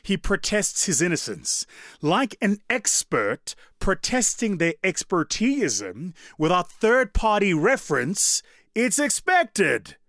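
A man giving a motivational talk in an animated, conversational way, often turning to the audience. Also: high-pitched, slow pace, dry recording, clean studio sound. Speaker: public speaker.

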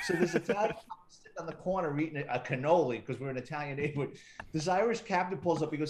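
A middle-aged man with a slightly high voice tells stories from his police years, cursing freely and acting out the dialogue. He talks in a loose, animated interview style. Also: fairly quick, slight background noise. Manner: profane, animated anecdote-telling with quoted dialogue. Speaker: retired police detective, guest. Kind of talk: casual storytelling interview.

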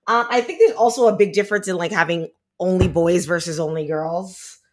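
A woman's voice: lowish voice, fairly quick. A woman from Miami, guest on a podcast, talking bluntly and candidly with lots of "like" fillers. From Miami, United States. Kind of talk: casual chat.

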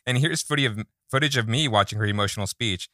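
A man reading out comedy jokes in a casual writers' room, with a deadpan delivery that breaks into laughs. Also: fairly low pitch, quick pace, dry recording, clean studio sound.

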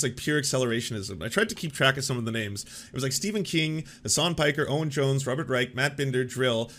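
A man's voice: mid-range voice, fairly bright tone. A man hosting an online commentary show, riffing sarcastically with profanity and frequent laughter. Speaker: host. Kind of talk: casual commentary.

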